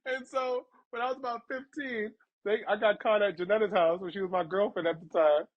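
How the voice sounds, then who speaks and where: Podcast host, young man, husky, lively storyteller, muffled lo-fi sound. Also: a little fast. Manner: animated, laughs through stories, acts out quotes in a higher voice. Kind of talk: casual storytelling chat. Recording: dull lo-fi sound.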